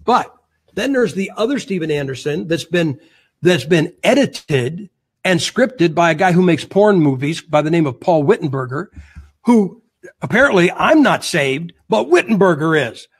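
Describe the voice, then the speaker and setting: A man speaking as a guest on a religious talk show, combative and mocking, with a husky voice. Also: fairly high pitch, lively intonation, moderate pace. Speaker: guest preacher.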